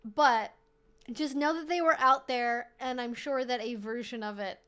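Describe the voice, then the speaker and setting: Brief: woman streamer, high voice, loose and animated, rambles and swears freely. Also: unhurried, smooth. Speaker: streamer host. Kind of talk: casual live-stream chat.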